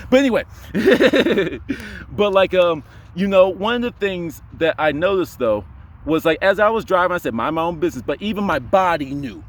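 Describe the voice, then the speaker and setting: A man's voice: sits high, lively intonation, fairly quick. A young man telling a personal story in a casual vlog, rambling with lots of fillers. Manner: rambling, heavy on fillers like "you know". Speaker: spiritual vlogger.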